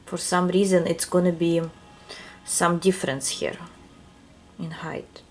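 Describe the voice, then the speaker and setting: Woman, non-native English accent, tarot reader, slightly low voice, musing and unhurried. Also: little pitch movement, faint music behind. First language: not English. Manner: musing, searching for words. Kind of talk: casual tarot reading.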